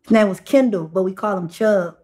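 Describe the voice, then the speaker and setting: A young woman sits in as a podcast guest and tells a long story in casual speech. She talks in halting runs and restarts often, leaning on small fillers between phrases. Her pitch sits in the middle range. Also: darkish tone.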